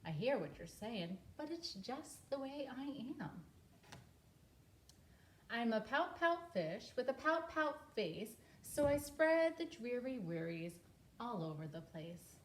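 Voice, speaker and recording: A woman's voice: on the high side, sing-song, slow. A mopey, pouty male fish drags out a sing-song refrain, as a woman puts him on. The voice swoops up and down and takes its time. The room gives it a roomy echo. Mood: glum.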